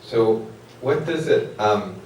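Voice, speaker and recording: A man's voice: on the low side, expressive, slow, a little mellow, dull audio, slight background noise. A man giving a classroom economics lecture, rambling and putting questions to the class, with many fillers. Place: lecture hall. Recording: echoey lecture hall from far off.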